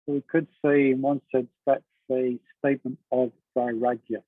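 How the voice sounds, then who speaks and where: Husky man teaching, thin phone-like sound. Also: mid-range voice, flat delivery, normal speed, no room sound. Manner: conversational, asks the class questions, laughs often. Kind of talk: class on a devotional text. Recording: dry, narrow phone-like sound.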